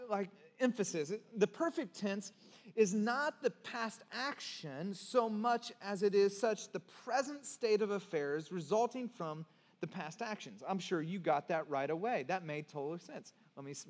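A man preaching a sermon as pastor, earnest, moving between hushed and emphatic passages. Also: sits high, big-room sound.

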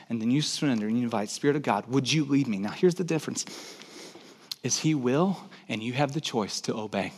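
A male pastor preaching a sermon to a congregation in a church room, conversational and emphatic, hammering points with repetition. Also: mid-range voice.

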